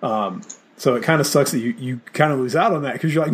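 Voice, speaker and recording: A man's voice: medium pitch, fast talker, breathy edge. A man from the Southern United States co-hosting a casual chat, with wry stammering repeats.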